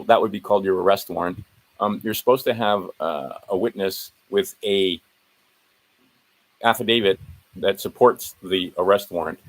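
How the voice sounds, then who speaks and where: A video host with a lowish voice walks viewers through his documents in a casual screen-share. He rambles and corrects himself while rattling off legal citations, and the recording is rough.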